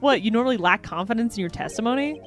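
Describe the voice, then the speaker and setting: A woman voicing a calm young male defense attorney, dry and a little sarcastic. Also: fairly high pitch, quick pace, faint music behind, lightly acted.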